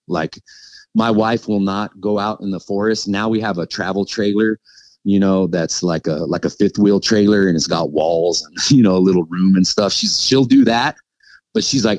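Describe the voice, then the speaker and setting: On a dry, rough recording, a man with a lowish, darkish voice tells a podcast host about an encounter. He rambles and halts, restarting often and leaning on fillers like "like" and "you know" as he casually spins the story.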